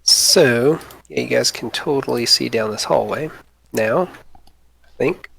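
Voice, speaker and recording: Guy dming a tabletop game, gravelly voice, lots of ums and restarts. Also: medium pitch, measured pace, fairly bright tone. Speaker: dungeon master. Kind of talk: running a tabletop game over voice chat.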